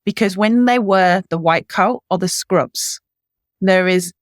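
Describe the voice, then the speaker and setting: A woman's voice: mid-range voice, a little slow, no room sound. Probing woman interviewer, dry sound. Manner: probing, thoughtful. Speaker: podcast co-host. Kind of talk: interview questions.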